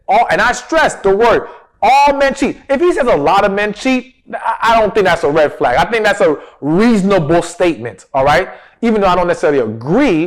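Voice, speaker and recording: A man giving relationship advice as a coach, talking straight to his viewers, stressing key words and answering his own questions. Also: high voice. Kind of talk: direct-to-camera advice talk.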